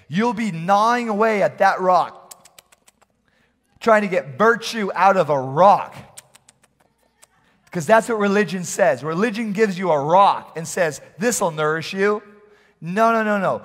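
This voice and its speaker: High-voiced pastor preaching in a hall. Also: male voice. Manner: animated preaching, swinging from loud calls to low asides. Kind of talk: sermon. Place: large church hall. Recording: long reverb of a church hall.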